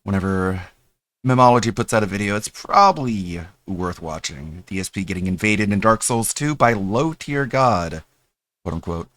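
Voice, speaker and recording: A man with a lowish voice hosts his live stream, talking casually and drifting between thoughts. He tosses in meme slang and restarts sentences freely. The sound is dry, with no room around it. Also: moderate pace, fairly bright tone, dry recording. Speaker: streamer host.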